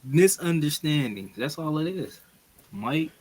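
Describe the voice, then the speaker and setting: Male podcast co-host, joking self-deprecating banter, slightly high pitch, dry sound. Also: lively intonation, unhurried, a little mellow, dry recording. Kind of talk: casual wrestling chat.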